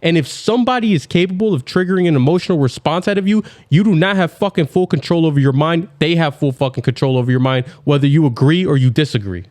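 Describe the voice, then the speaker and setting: A man's voice: on the high side, fast, few pauses, a little mellow. A man hosting a casual podcast, talking bluntly and lecturing with heavy swearing. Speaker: podcast host.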